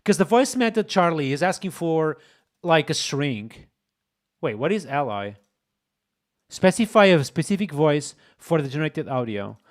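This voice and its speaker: A man hosting a live coding stream, excitable and exclaiming as he talks to his chat. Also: on the high side, normal speed. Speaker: streamer, host.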